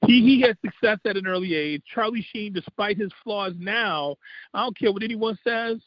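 Brief: middle-aged radio host from Chicago, high voice, easygoing rambling storyteller; dull, dry lo-fi recording. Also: male voice, normal speed, no echo. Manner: easygoing, rambling anecdotes with repeated words. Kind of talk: casual chat, storytelling.

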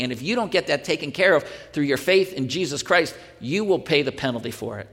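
A man's voice: fairly high pitch, expressive, moderate pace, few pauses, a bit bright, long reverb tail. A male pastor teaching a sermon in earnest, pressing the point with rhetorical questions and restarting his sentences.

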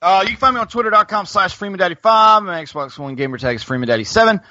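A man's voice: sits high, expressive, quick pace, bright, forceful tone, no echo. A man hosting a podcast in casual chat, rambling with many fillers and restarts. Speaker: podcast host. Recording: dull lo-fi podcast audio.

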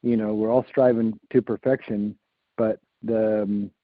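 A man's voice: lowish voice, flat delivery, a little slow, dry recording. A man hosting a group call, speaking in a reassuring and rambling way, with a lot of fillers. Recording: tinny phone-like call audio.

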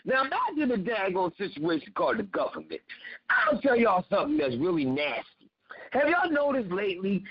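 A man's voice: high voice, breathy edge, highs cut off. A man from Philadelphia with a Philly accent, hosting a casual ranting monologue, preachy and profane and laughing at his own jokes. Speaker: podcast host.

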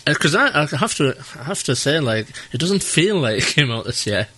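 A man, co-hosting a podcast in relaxed, rambling chat full of "like" and "um". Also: a little high, brisk, breathy edge. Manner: laid-back and rambling, heavy use of "like" and "um". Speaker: podcast co-host. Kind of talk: casual chat.

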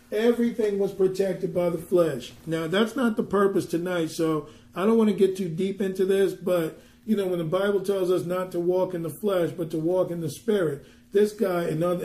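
A man's voice: high-pitched, mellow, roomy sound. A man ministering, teaching a Bible passage conversationally and pressing his points with emphatic rhetorical questions.

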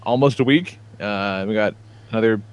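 A man's voice: on the low side, moderate pace, clear, resonant tone. A man in his thirties telling rambling, profane stories on a casual podcast. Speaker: podcast co-host.

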